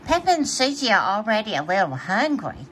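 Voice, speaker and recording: A woman reading a children's picture book aloud, playful and animated, laughing often between pages. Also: medium pitch, brisk, slight background noise. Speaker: storybook reader.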